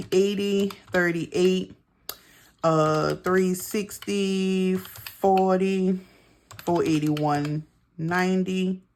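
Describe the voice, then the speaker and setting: Chatty middle-aged woman going over her bills real slow, lowish voice, keys clacking behind her. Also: slight background noise. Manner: chatty, talks to viewers as girl and y'all while adding up figures. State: out of breath. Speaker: budgeting vlogger. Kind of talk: casual budget walkthrough.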